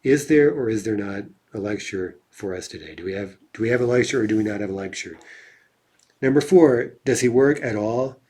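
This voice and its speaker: Husky-voiced man teaching grammar. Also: on the low side, fairly quick, warm tone. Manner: tags explanations with a questioning "right?". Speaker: language teacher. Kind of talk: explanatory grammar lecture.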